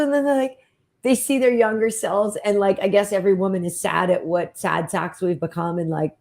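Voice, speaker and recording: Host, female, mid-pitched voice, chatty and animated, lots of "like", mocks people in quoted voices. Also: brisk, gravelly. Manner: chatty, animated, full of "like" and mock-quoting voices. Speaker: podcast host. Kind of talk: casual podcast chat.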